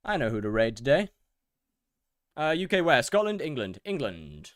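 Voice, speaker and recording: A man's voice: a little high, big pitch swings, normal speed, no echo, clean studio sound. A man streaming a game live, reading out chat questions and answering them in a casual, repetitive way while overheated and sweaty. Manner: reads chat questions aloud and answers, repeats phrases. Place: hot room in a house.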